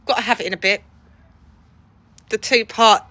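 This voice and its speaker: A woman's voice: on the high side, steady tone, normal speed, sharp tone, no echo, soft background music. A woman chatting casually with viewers on a livestream. She laughs often and swears casually. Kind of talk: casual chat with live viewers.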